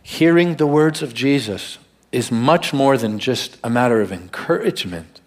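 A man preaching a sermon as pastor at a church service, telling the story and slowing down to stress key words. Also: mid-range voice, animated.

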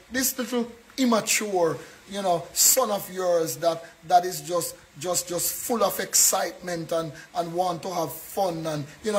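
A man preaches a sermon in church. His voice sits high, and he talks earnestly, often checking in with the congregation to make sure they follow. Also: poor audio. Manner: earnest preaching, keeps checking in with a tag question. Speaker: pastor.

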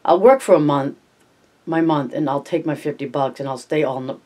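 A man voicing a hardened ranch worker in a read-aloud story, with plain rough dialect speech. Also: on the high side, normal speed, darkish tone, natural voice. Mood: grim.

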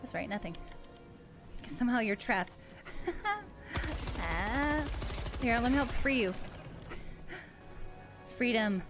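Giggly high-voiced woman streamer. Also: expressive, slow, long pauses, over music. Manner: playful, giggly, self-mocking panic. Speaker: VTuber streamer. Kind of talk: casual gameplay livestream.

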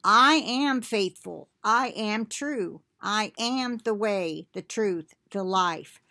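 A woman hosting an online Christian channel, reading a prophetic message aloud in a slow, solemn, devout way. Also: medium pitch, expressive, pushed and bright, dry recording. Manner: slow, deliberate, devout reading with casual asides.

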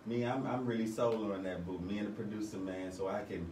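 A rapper answers questions in swaggering, profane street slang, his voice lowish. He keeps tagging his lines with a check-in to the listener. He sounds far from the mic in an echoey room, with clear background hiss. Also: steady tone, quick pace, darkish tone. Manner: swaggering, profane street slang, keeps saying "you know what I'm saying". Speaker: rapper guest. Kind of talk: casual interview.

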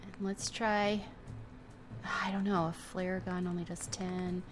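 A woman's voice: mid-range voice, little pitch movement, takes it slowly, faint music behind. A young adult woman giving casual let's-play commentary, gushing and flustered as she plays. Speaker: gameplay host.

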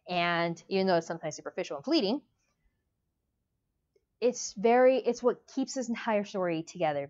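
A woman's voice: fairly low pitch, darkish tone. A young woman reviewing a book in a casual vlog, gushing and emotional as she talks. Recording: dull lo-fi audio.

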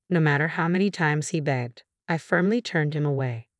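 A woman narrates a first-person story in a steady, even reading. Her voice sits low, and the recording is dry and close with no room echo. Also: moderate pace.

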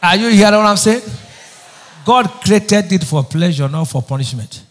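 Male pastor, higher register, emphatic sermon with call-and-response. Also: expressive, moderate pace. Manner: call-and-response questions to the congregation; emphatic preaching, often raising his voice.

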